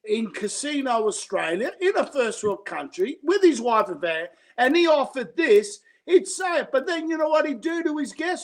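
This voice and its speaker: A man chatting on a casual livestream, emphatic and quick to interject. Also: very high-pitched, sing-song.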